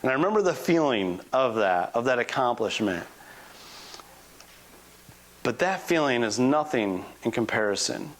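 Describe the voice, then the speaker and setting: A man in his forties, a guest preacher telling a personal story in a conversational, animated sermon. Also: medium pitch, normal speed, pauses often. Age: 40s.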